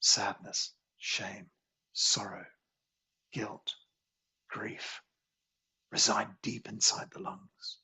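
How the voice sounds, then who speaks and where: Gravelly, husky male qigong teacher. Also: lowish voice, little pitch movement, pushed and bright. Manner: slow, soothing, repetitive phrasing. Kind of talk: guided healing meditation.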